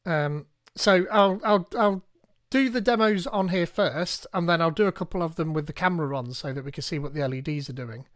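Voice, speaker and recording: A man's voice: fairly high pitch, brisk, no echo, studio quality. Chatty man walking through a tutorial. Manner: chatty, thinking aloud, reading instructions. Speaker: tech streamer. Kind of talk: live tutorial walkthrough.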